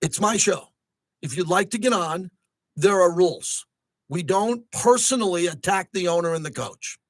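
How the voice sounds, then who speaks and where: A man's voice: sits high, normal speed, no room sound. A man hosting a sports talk radio show from a studio, talking at length and getting worked up at times. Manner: excitable, rising to near-shouting when riled. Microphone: close studio mic.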